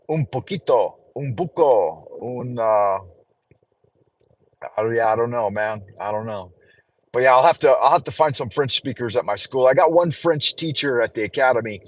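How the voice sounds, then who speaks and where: A man hosting a casual livestream from his car while driving, rambling, joking and swearing freely. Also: mid-range voice. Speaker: livestream host. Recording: dull, dry lo-fi sound.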